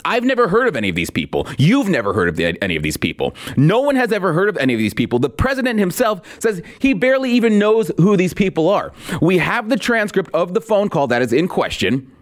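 A sarcastic male podcast host delivering political commentary. His pitch sits a bit high and swings widely as he hammers points home by repeating them. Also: wildly swooping pitch, fast talker, hardly any pauses. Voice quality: sarcastic, repetitive emphasis.

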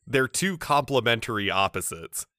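A man's voice: medium pitch, expressive, moderate pace, pushed and bright, dry recording, studio quality. A man co-hosting a podcast, chatting casually about an anime episode in a loose, filler-heavy way. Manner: chatty, peppered with filler words. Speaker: podcast co-host. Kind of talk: casual anime recap chat.

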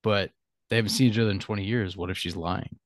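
A man with a lowish voice talks through his thoughts in a relaxed, rambling podcast chat, often chuckling as he goes. His voice is close and dry, with almost no room sound around it. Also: fast, no room sound. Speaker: podcast host. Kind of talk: casual chat.

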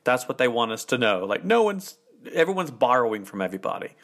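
A man's voice: medium pitch, sing-song, fast talker, a bit bright. A man co-hosting a podcast in casual chat, rambling and correcting himself as he goes. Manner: rambling, self-correcting, chuckling. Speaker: podcast co-host.

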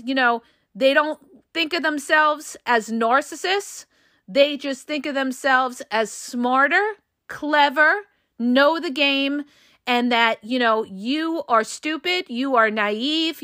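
Emphatic high-voiced woman podcast host. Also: pushed and bright, dry recording, studio quality. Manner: emphatic, repetitive, addresses listeners directly. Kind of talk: casual podcast monologue.

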